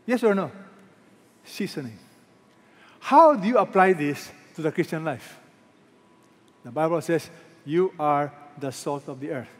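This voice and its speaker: A man's voice: on the high side, lively intonation, unhurried, long pauses, big-room sound. A man preaching a sermon as a pastor, emphatic and repeating key words, asking the congregation questions.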